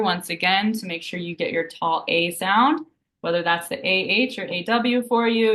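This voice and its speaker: A woman teaching a live beginner Italian lesson, patiently explaining each rule and slowly repeating example words. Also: mid-range voice, a bit bright. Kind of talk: live online language lesson. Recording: roomy echo.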